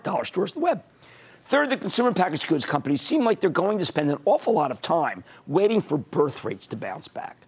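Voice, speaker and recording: A man's voice: on the high side, slightly rough. A man hosting a stock market TV show, losing his voice, giving emphatic, punchy commentary straight to viewers. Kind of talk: energetic financial TV commentary.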